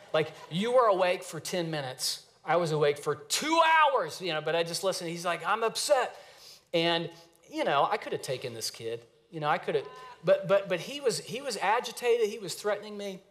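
A man in his thirties preaching a sermon in a conversational, storytelling way with lively asides. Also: a little high. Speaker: pastor.

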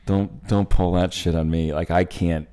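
Podcast co-host, man, very low voice, blunt, profane, playful storyteller. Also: steady tone, normal speed, dark tone, clear, resonant tone. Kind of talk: casual chat.

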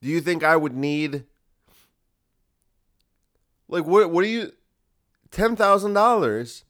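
A man's voice: a little high, animated, takes it slowly, a bit bright. A man hosting a solo podcast, ranting in a sarcastic, profane way. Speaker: podcast host.

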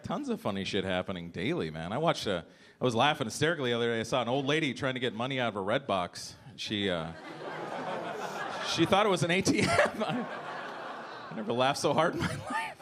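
Thirtysomething guy doing standup, super animated, noisy live recording. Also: medium pitch, fast. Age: 30s. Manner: animated, jumping into shouted voices for jokes. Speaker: stand-up comedian. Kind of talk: stand-up comedy set. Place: comedy club stage.

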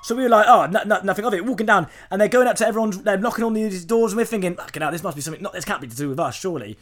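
Lively high-voiced young man. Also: very fast. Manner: animated, laughing storyteller, acts out quotes. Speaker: podcast co-host. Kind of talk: casual storytelling chat.

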